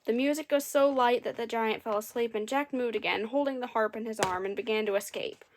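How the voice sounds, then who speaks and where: Reading a fairy tale with a comic touch, this woman pauses between passages for wry, amused asides. Her voice sits on the high side and moves fairly quickly.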